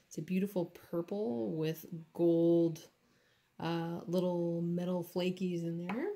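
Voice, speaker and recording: A woman's voice: lowish voice, steady tone, mellow. A woman doing nails in her home studio, talking through each step in a casual, chatty way with lots of fillers. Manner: slow, chatty, with many fillers. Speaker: nail artist. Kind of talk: casual tutorial chat.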